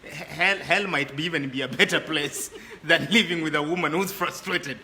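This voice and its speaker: A man's voice: a little high, moderate pace, pushed and bright, reverberant, a little hiss or hum. A man talking as a guest in a casual chat, often repeating words as he builds his points.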